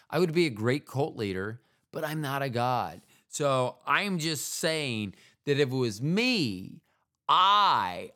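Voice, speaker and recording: An American man drifts through a casual podcast monologue at an unhurried, drawn-out pace. His voice is clean and smooth, his tone self-deprecating, and he keeps wandering off into little asides. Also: mid-range voice, a bit bright. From United States. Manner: meandering, self-mocking, trails off into asides. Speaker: podcast host.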